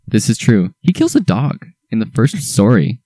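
A man's voice: fairly low pitch, sing-song, normal speed, mellow, husky, dry recording. A young man co-hosting a casual podcast, talking in enthusiastic, rambling bursts with lots of restarts. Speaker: podcast co-host.

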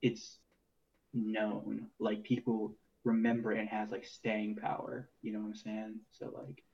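A man's voice: lowish voice, completely flat delivery, measured pace, vocal fry, a little mellow, breathy edge, lo-fi sound. A man co-hosting a casual music podcast, laid-back and rambling with lots of filler words. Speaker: podcast co-host. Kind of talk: casual chat.

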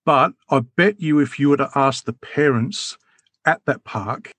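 A man's voice: medium pitch, expressive, normal speed, fairly bright tone, slightly rough, no echo. A man speaking as a guest, telling a personal story in a reflective, sometimes emotional way with frequent restarts. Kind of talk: candid personal conversation.

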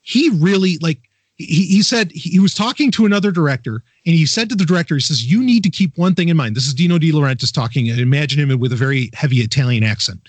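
A man's voice: a little high, fast, breathy edge, no room sound. A man hosting a podcast, talking enthusiastically in a rambling casual chat with many restarts. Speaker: podcast host.

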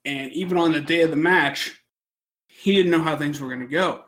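A man's voice: fairly high pitch, moderate pace, fairly bright tone. A young man telling a long story on a casual podcast, rambling, swearing a lot and laughing as he goes. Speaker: podcast co-host.

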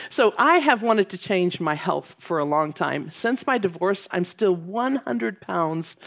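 A middle-aged woman with a gravelly, creaky edge to her voice, talking to a group of moms. She is chatty and self-deprecating, breaking into laughs between points. Her pitch sits in an ordinary middle range. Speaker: speaker at a women's gathering. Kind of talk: casual humorous talk to moms.

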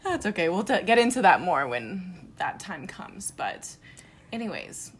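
A woman's voice: fairly low pitch, big pitch swings, unhurried, husky. A young adult woman co-hosting a podcast, telling stories in a casual, chatty way with lots of filler words. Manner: chatty storytelling, heavy filler "like". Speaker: podcast co-host. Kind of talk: casual chat.

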